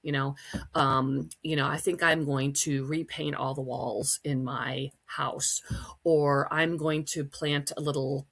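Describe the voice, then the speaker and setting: Low gravelly-voiced chatty woman from Wisconsin. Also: steady tone, slow, a bit bright. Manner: chatty, storytelling, many fillers, acts out quotes in a high voice. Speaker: podcast host. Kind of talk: casual solo podcast chat.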